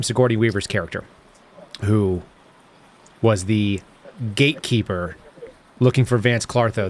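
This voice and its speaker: An American man hosting a live stream, joking with his viewers and a reporter in the field. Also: on the low side. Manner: jokey, wry, talks to chat viewers. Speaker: livestream host. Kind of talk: casual live-stream banter.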